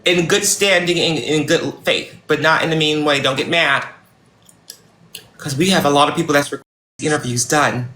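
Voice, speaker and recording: A man hosts a livestream on his phone as a self-styled CEO, leading a job interview in a mock-formal, unhurried manner. His voice sits a little high with a bright edge. The room rings with echo and faint clicks. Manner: mock-formal, unhurried, slips into thanking viewers. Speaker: livestream host. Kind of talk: role-play job interview as a boss and CEO.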